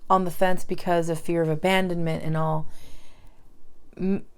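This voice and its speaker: A young woman giving a pick-a-card tarot reading, emotional and thinking aloud with many pauses and fillers. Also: fairly low pitch, level tone, clean tone.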